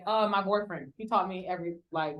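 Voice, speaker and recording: At a live workshop in a room with an audience, a woman teaches real estate wholesaling in a casual style, using slang and acting out quotes from the people she deals with. Her voice is mid-range and brisk, and the recording is muffled.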